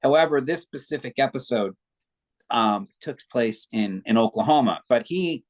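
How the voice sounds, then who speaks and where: A man's voice: mid-range voice, expressive, normal speed. A man, a guest actor, chatting casually in an interview and telling long anecdotes.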